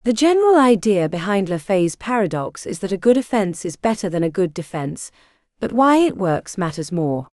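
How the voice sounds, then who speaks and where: A woman's voice: lowish voice, big pitch swings, moderate pace, darkish tone, dry recording, studio quality. A woman reading the part of a determined young female mage who lays out a battle plan in an audiobook.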